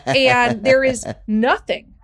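A woman's voice: fairly high pitch, slow pace, creaky. A woman from Minnesota with a Minnesota accent, interviewing a guest in a casual chat and acting out stories as she tells them. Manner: animated storyteller, acts out quotes.

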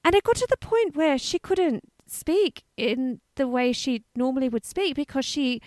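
A woman's voice: high voice, normal speed, a little mellow, dry recording. A woman co-hosting a podcast, chatting animatedly, laughing often and musing aloud. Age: 30s or older. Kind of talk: casual chat.

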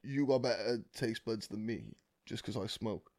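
A man's voice: on the low side, normal speed, a little mellow, no room sound, clean studio sound. Laid-back young man with crude humour. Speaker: podcast co-host. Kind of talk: casual chat.

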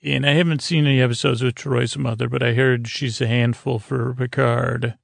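A man hosting a podcast, giving a halting, filler-heavy episode recap meant to lull listeners to sleep. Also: medium pitch, flat delivery, vocal fry, no echo. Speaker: podcast host.

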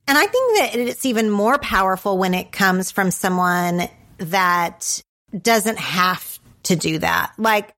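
A woman guest talks through an idea in relaxed conversation. She sounds measured and thoughtful, in an ordinary middle pitch. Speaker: podcast guest. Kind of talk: casual chat.

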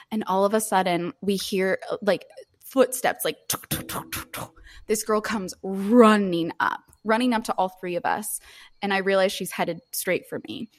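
A woman's voice: mid-range voice, normal speed. Laughing, chatty young woman telling a story. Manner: animated, laughing often, swears freely. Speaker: podcast co-host. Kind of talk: casual storytelling chat.

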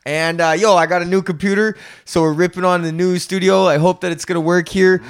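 Ranting from his home studio, a young comedian hosting his own podcast rambles with plenty of swearing, slang, and laughs. He speaks briskly in a high, clear, resonant voice with a steady tone.

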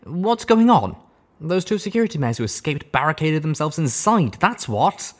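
A man's voice: fairly high pitch, sing-song, normal speed, pitched above the performer's own voice. A man reading an audiobook, voicing a scrawny, nervous male unicorn who whines and frets. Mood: whiny. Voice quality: whiny, fretful. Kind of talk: audiobook character voice.

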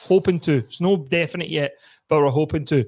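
Scottish man, podcast host, fairly high voice, chatty, laughs a lot. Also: a little fast, darkish tone. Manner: chatty, laughs often, swears casually. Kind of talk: casual podcast chat.

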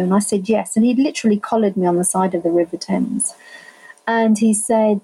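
Emphatic woman with a mellow, husky voice. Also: mid-range voice, normal speed, poor audio. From England. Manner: animated, emphatic, voices others in her retelling. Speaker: family carer telling her story. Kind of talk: personal storytelling in conversation.

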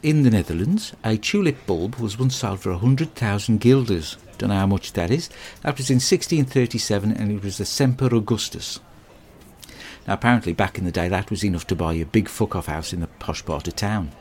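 A man performs a comic monologue. He rambles in a crude, deadpan way. A faint background hiss sits under his voice. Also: on the low side, a little fast.

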